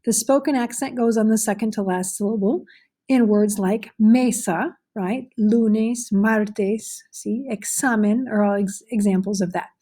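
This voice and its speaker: A woman's voice: medium pitch, normal speed, hardly any pauses, mellow. A woman teaching a recorded Spanish pronunciation lesson, explaining patiently with frequent fillers.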